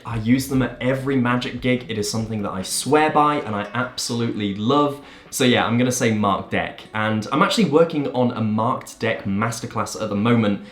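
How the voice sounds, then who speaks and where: An enthusiastic man hosts his own magic channel, answering viewer questions with emphatic energy. His voice sits at an ordinary middle pitch. The recording has a noticeably roomy echo. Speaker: magician and video host.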